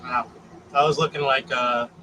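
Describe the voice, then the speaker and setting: A man with a bright, sharp-edged voice talks with easygoing, casual swearing. A faint hiss of noise sits behind him. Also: medium pitch, steady tone, moderate pace, poor audio. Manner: laid-back, swears casually. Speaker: guest. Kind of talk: casual chat.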